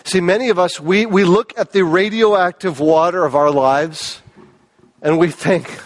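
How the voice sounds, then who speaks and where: A man preaching a sermon with a high-pitched voice. He sounds animated, dropping to hushed lows and climbing to raised, emphatic peaks. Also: a little slow. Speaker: pastor.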